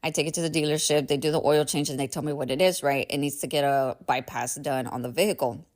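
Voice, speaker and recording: Speaking quickly in a low, steady, somewhat dark voice, a female podcast host shares a personal story. She's candid and casual, cursing freely, laughing often, and audibly weary.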